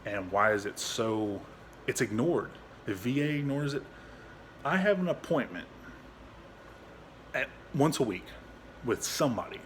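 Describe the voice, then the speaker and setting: A young adult man, a veteran, talking candidly at home into his phone, frustrated and halting, swearing a lot and restarting his sentences. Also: medium pitch, lively intonation, a bit bright, a little hiss or hum. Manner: frustrated, rambling, heavy swearing. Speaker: veteran vlogger. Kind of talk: candid personal vlog.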